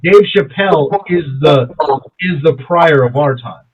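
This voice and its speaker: A man's voice: a little high, expressive, measured pace. A man co-hosting a casual podcast chat, rambling and swearing with enthusiasm. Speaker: podcast co-host. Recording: tinny phone-like sound.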